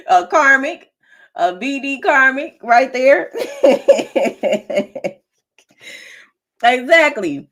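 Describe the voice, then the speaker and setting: A woman's voice: high-pitched, very animated, drawn-out words, long pauses, fairly bright tone. A woman giving an emphatic, preachy collective tarot reading, laughing often. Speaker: tarot reader.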